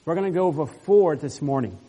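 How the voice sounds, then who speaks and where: Earnest pastor in a reverberant hall. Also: male voice, fairly high pitch, animated, brisk, dark tone, husky. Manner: earnest, explanatory, with emphatic stresses. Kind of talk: sermon.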